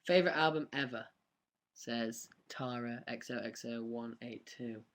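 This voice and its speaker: In a mid-range voice with a fairly bright tone and measured pace, a young man chats on a live stream, answering fan questions. He rambles in a chatty way, laughs frequently, and uses many ums.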